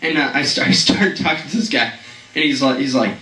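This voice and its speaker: Rambling comedian, echoey and distant. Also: male voice, mid-range voice, a little fast, sharp tone. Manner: rambling, stammering, chuckles at own jokes.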